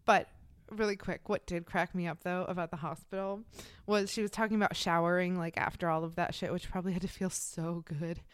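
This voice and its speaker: A woman tells a true-crime story to her co-host in a loose, chatty way, swearing freely and slipping into the voices of the people involved. Her voice is smooth and clear, and the sound is dry and close to the microphone. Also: lowish voice, fairly even intonation, a little fast, dry recording. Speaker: podcast co-host telling the story.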